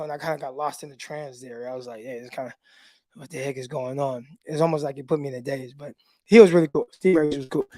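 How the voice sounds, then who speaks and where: A man hosts a casual livestream and tells his stories with animated energy and laughter. He speaks into a phone, and the sound is dry and close. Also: a little high, no room sound. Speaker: podcast host and former football player.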